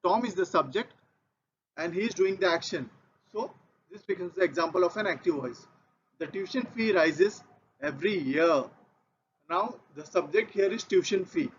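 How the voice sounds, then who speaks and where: Methodical Indian English male teacher, high voice, dull lo-fi recording, repeats rules for learners. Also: lively intonation, moderate pace, long pauses, slight background noise. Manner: methodical, repeats key points. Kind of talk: grammar lesson. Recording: dull lo-fi audio.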